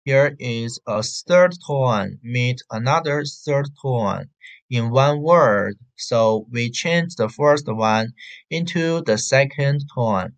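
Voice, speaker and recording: A man with a Chinese accent teaching an online beginner Chinese class, repeating syllables slowly for drills over a video call. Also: medium pitch, muffled recording. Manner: slow, repetitive drilling of syllables.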